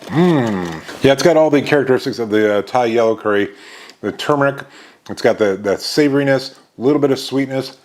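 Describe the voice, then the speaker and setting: Enthusiastic male snack reviewer, casual host, mid pitch, faint background hiss. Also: a little fast, a little mellow. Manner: upbeat, enthusiastic snack tasting with frequent "uh" fillers.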